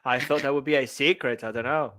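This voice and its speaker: A man's voice: medium pitch, fairly even intonation, quick pace, a bit bright, slight background noise. A man, a Spanish speaker, cohosting a podcast in playful casual banter and often repeating his words. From Venezuela. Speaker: podcast co-host.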